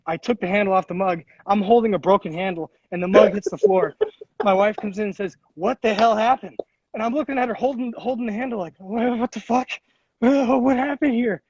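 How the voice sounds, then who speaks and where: A man's voice: high voice, a little mellow, breathy edge, no echo. A young man telling stories in casual chat, swearing often and acting out the voices of people he quotes. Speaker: podcast host. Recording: dull lo-fi sound.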